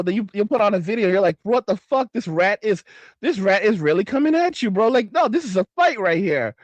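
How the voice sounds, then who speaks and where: New guy streaming, high voice, dry sound, cussing and rambling through chat comments. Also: no room sound, highs cut off. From New York. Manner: profane, rambling, emphatic repetition. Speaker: livestream host. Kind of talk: casual livestream chat reading comments.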